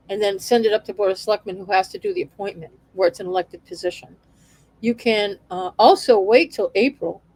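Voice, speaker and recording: A woman's voice: a little high, darkish tone, no echo, rough recording. A woman vlogger giving casual, wry commentary on local town politics, chatty and sarcastic with many restarts.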